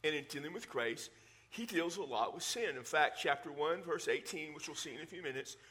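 A middle-aged man with a drawl delivers a teaching sermon. His voice sits a little high and rings bright and forceful, yet he keeps a conversational, explaining tone. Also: animated, fairly quick, breathy edge. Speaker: pastor.

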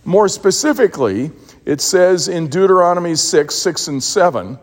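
A man's voice: high voice, animated, normal speed. Man preaching, echoing hall. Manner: storytelling, emphatic with repeated words. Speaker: pastor. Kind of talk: sermon.

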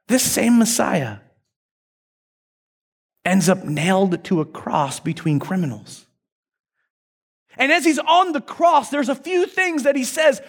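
A man preaches a sermon as a pastor, with a strikingly high voice. He tells the story like casual talk, and his pitch rises and falls in wide, animated swings.

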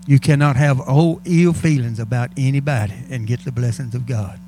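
A man's voice: medium pitch, moderate pace, hardly any pauses, music in the background. A male pastor preaching a sermon in a church, fervent and calling out to the congregation. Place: church sanctuary.

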